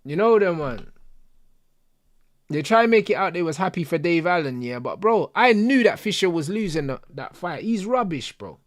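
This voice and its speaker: A man's voice: sits high, sing-song, moderate pace, dry recording, studio quality. A young man, chatting casually and animatedly in heavy slang as a stream host. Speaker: host of a football watch-along stream.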